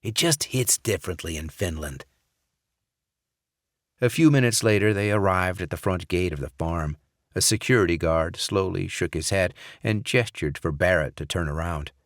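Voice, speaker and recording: Deep-voiced male audiobook narrator. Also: no echo, studio quality. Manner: measured, even storytelling. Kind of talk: scripted narration.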